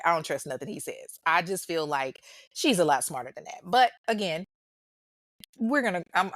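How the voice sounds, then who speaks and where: A woman's voice: deep voice, dry recording, studio quality. A woman hosting a true-crime show, telling the story in casual commentary with blunt, profane asides.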